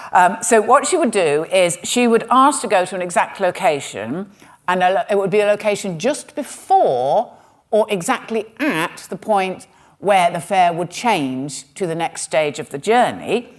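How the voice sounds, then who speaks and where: A woman's voice: medium pitch, animated, measured pace. A woman comedian telling a history story on stage with wry, sarcastic asides. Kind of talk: stand-up storytelling talk. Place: stage in a museum.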